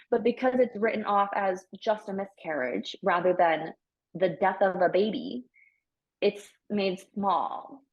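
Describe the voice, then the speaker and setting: A woman's voice: mid-range voice, a little slow, breathy edge. A woman speaking as a podcast guest and pregnancy loss coach, earnest and emphatic, with many fillers. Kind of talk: heartfelt conversational podcast talk. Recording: slightly dull lo-fi audio.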